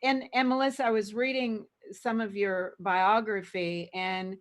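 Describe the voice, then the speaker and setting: A woman hosting an interview, speaking haltingly and searching for her words as she sets up a question. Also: medium pitch, steady tone. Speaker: host.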